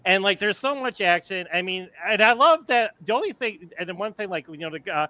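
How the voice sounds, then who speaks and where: Fifty-something guy, bright voice, cussing, tripping over his words while telling a story. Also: sits high, a little fast, dry recording, poor audio. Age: 50s. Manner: animated, profane, repeats words when excited. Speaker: panel co-host of a live movie talk show. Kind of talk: casual chat, storytelling. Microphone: live online video call.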